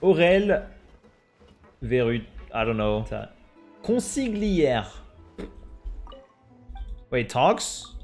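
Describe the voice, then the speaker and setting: A man's voice: mid-range voice, big pitch swings, very slow, pauses often, darkish tone, soft background music. A young man with a French accent, a streamer chatting casually with his viewers and sounding out names. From France. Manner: chatty, reads names aloud and laughs at them. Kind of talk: casual live-stream chat.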